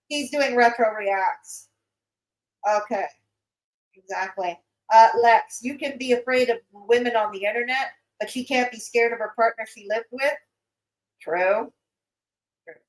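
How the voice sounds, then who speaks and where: A woman's voice: fairly high pitch, rough recording. A woman streamer giving blunt, mocking reaction commentary on a livestream.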